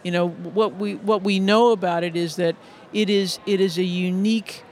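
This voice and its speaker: Being interviewed as a music educator, a middle-aged man shares stories in an earnest, conversational way, frequently starting over and repeating words. His notably high voice is slightly mellow, fairly even in intonation and normal in speed, with a faint hum behind it.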